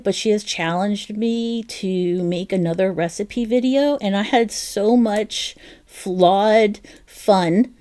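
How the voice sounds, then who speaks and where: A woman's voice: medium pitch, warm tone. A woman with a South Jersey accent hosting a crochet livestream, chatty and self-deprecating, laughing often and talking to her viewers by name. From New Jersey. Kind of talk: casual live-stream chat.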